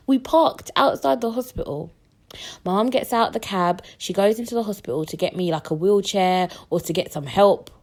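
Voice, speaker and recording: A woman's voice: medium pitch, normal speed. A young woman, hosting a podcast and telling stories in a casual way, acting out the voices of the people she quotes. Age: young adult. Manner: animated, acts out quoted voices. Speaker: podcast host. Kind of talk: casual storytelling.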